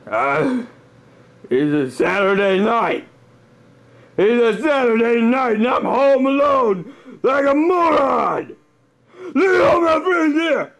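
Comedy sketch: a man playing a hysterical lonely loner, very high and gravelly, slow whining delivery. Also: lively intonation, fairly bright tone, heavily acted, low-quality recording. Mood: mopey. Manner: theatrical whining and shrieking rants. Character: melodramatic lonely young man, whiny and hysterical.

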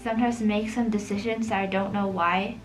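At a normal pace and with fairly even intonation, a medium-pitched woman chats about a film over her drawing, using "like" as filler in almost every sentence. She's an art vlogger; the recording is rough and backed by soft music.

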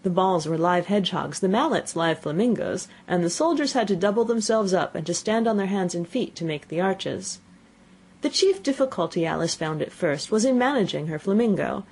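Low, husky woman narrating expressively. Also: moderate pace. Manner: expressive storytelling. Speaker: audiobook narrator. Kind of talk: scripted narration.

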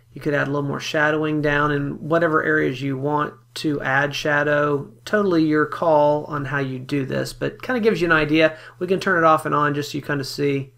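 A man with a somewhat high, gravelly voice talks through a photo editing tutorial. He explains each step in a relaxed, easygoing way, with the odd filler as he clicks along. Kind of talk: screen-recorded software tutorial.

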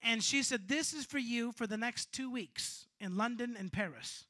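A man preaching a sermon, telling a story with animated, sometimes shouted delivery. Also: very high voice, normal speed. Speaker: bishop preaching.

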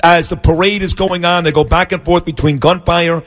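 A man's voice: on the high side, fairly even intonation, moderate pace, a bit bright. A man co-hosting a morning radio show, telling stories in a blunt, opinionated way. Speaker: radio co-host. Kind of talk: casual radio chat.

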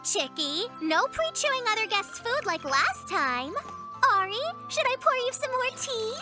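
A woman's voice: extremely high pitch, sing-song, unhurried, full character voice. A woman voicing a sweet, cheerful little female fox in a cartoon, gushing and playful. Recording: cartoon soundtrack with loud music.

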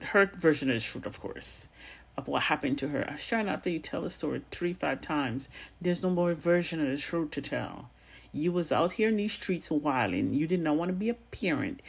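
Woman, accented, husky breathy voice, blunt and sassy, swears freely, casual commentary vlog. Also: low-pitched. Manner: has a non-standard accent of her own. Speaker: gossip commentary vlogger.

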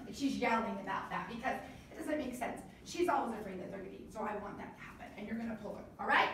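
A woman's voice: a little high, fast talker. A woman directing a stage rehearsal, giving chatty, coaxing instructions to performers. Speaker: youth theater director. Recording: very echoey, distant from mic, faint noise.

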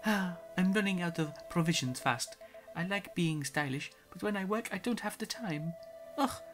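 A woman's voice: on the low side, expressive, normal speed, faint music behind, pitched above the performer's own voice, natural voice. A woman voicing a stylish, fussy little male forest brother from a game storybook. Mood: fretful. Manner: fussy, fretful, chirpy "ba-doom" tags.

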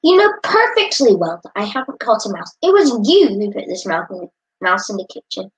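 A woman reading aloud does a strict schoolteacher in a children's storybook, scolding sharply. Her voice sits in a middling pitch that she pushes higher to tell the children off. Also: very animated, moderate pace, muffled recording, natural voice. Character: stern, furious female schoolteacher.

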